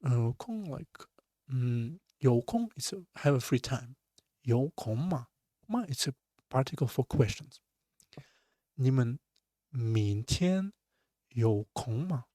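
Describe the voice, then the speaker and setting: Male language teacher, slow deliberate drills with swooping tones; dry recording. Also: mid-range voice, expressive, mellow, no room sound. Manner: repeats each word slowly, drawn-out Chinese tones. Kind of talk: slow language lesson explaining words.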